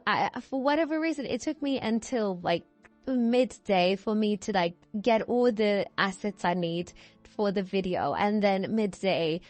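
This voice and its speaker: A woman's voice: mid-range voice, a little mellow, no echo. A woman in her twenties, tired and yawning, recording a chatty, meandering voiceover at home and often correcting herself mid-sentence. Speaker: video creator. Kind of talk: casual rambling voiceover. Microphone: voiceover microphone.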